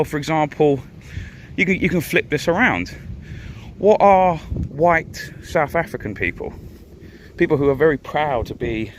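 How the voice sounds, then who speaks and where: A man's voice: a little high, slight background noise. A man, talking bluntly and argumentatively in a casual monologue, often tagging "right?" onto his points. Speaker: live streamer. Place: in a van.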